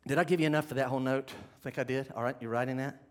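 A man's voice: medium pitch, steady tone, very fast. A man teaching a sermon, stressing key words, asking the audience questions and having them take notes. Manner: emphatic, asks the audience questions. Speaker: Bible teacher.

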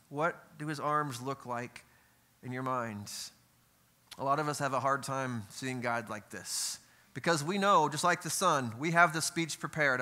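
A middle-aged pastor delivers a sermon in a church, speaking in a conversational way with frequent asides and rhetorical questions. His voice is bright and forward, pitched slightly above average for a man. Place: church sanctuary.

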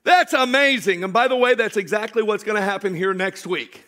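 High, bright-voiced preaching man. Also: a little fast. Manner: animated, swings from shouting to hushed asides, joking with congregation. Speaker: pastor. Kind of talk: sermon.

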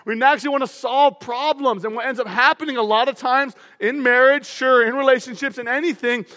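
A man preaching a sermon as pastor, energetic and humorous in a conversational way. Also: very high voice, a little fast. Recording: long hall reverb.

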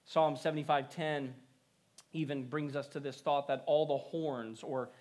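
Earnest preacher with a higher voice. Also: male voice, steady tone, a little slow. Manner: earnest preaching with swings between raised emphasis and quiet prayerful lines. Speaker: pastor. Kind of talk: sermon.

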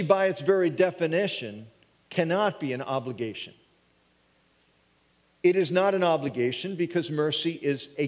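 A man preaching a sermon in an earnest way, thinking through hard questions aloud and sometimes restarting a phrase. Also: fairly high pitch. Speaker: pastor. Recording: long hall reverb.

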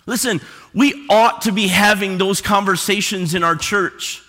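The pastor's high-pitched voice is bright and forceful, delivered at a measured pace in a reverberant church hall. Addressing his congregation in the sanctuary, he preaches conversationally, asking rhetorical questions throughout.

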